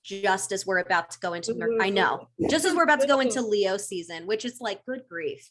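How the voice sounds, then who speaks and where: A woman in casual podcast chat about astrology, lively and laughing often, acting out little quoted voices. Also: mid-range voice, fairly quick.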